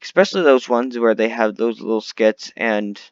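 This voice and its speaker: A man's voice: mid-range voice, normal speed, muffled recording. A man delivering an unscripted, rambling rant full of complaints, often restarting his sentences. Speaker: vlogger.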